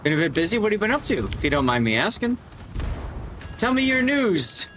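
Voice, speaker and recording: A man's voice: fairly high pitch, big pitch swings, very fast, fairly bright tone, slight background noise. A man streaming a game live, chatting casually and joking with his viewers. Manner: chatty, jokey, greets chat. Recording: game gunfire sounds behind.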